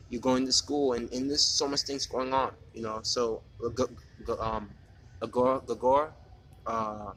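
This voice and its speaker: A man in a personal spoken monologue, talking in an earnest, halting way with many restarts and repeated words, defiant when he speaks straight to a critic. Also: mid-range voice, sharp tone, low-quality recording.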